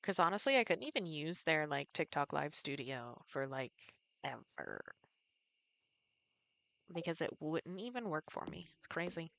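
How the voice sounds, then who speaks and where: Playing a farming game on a live stream, this woman greets her chat and thinks aloud in casual conversation. She has a low, slightly bright voice with lively intonation, vocal fry and an unhurried pace.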